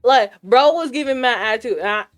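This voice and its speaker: A woman streamer from the United States with Puerto Rican roots, telling a story to her chat in a casual, animated rant and acting out both sides of the exchange. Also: a little high, fairly quick. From United States, of Puerto Rican Caribbean roots. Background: faint lo-fi music.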